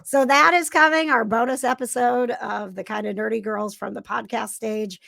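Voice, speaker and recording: A woman's voice: on the high side, fairly even intonation, normal speed, vocal fry, bright, forceful tone, dry recording, clean studio sound. A woman co-hosting a podcast in casual chat, chatty and giggly with lots of fillers, sounding tired. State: tired from lack of sleep. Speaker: podcast co-host.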